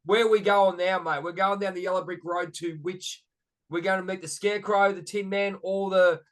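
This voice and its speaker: Chatty high-voiced Australian man host. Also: normal speed. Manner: lively, rambling, chatty. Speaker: podcast host. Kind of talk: casual chat.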